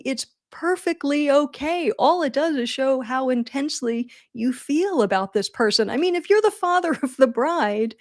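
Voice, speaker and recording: A middle-aged woman hosting a live advice Q&A on wedding speeches, chatty and animated, with self-deprecating jokes. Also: sits high, dry recording, clean studio sound. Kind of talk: casual livestream advice.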